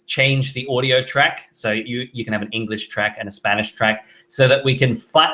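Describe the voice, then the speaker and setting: Hosting a relaxed live stream, a man reads viewers' questions out loud and replies in a casual, offhand way sprinkled with fillers. His voice is mid-range with a sharp tone.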